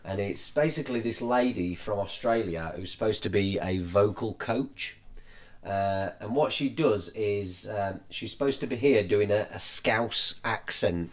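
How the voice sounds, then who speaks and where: A man's voice: on the low side, a little slow. A man hosting a podcast in loose, jokey casual chat, laughing often. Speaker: podcast host.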